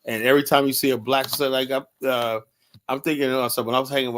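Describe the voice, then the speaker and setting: An American man talks in a loose, rambling way, cursing and drifting into asides. His voice sits at an ordinary middle pitch. It's casual, opinionated chat. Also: a little fast, a bit bright. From United States. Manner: loose rambling talk, swears, trailing asides.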